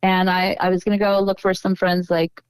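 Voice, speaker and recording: Female interview guest, earnest and emotional storyteller, clear voice, dry close sound. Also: mid-range voice, flat delivery, a little fast, no echo, rough recording. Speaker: podcast guest.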